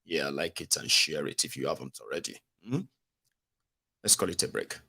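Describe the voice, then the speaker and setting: Animated Nigerian man hosting commentary. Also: rumbling low, moderate pace, gravelly, breathy edge. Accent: Nigerian, with Pidgin. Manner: animated, jokey, mixes Pidgin into English. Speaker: radio and online commentary host. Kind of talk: casual political commentary.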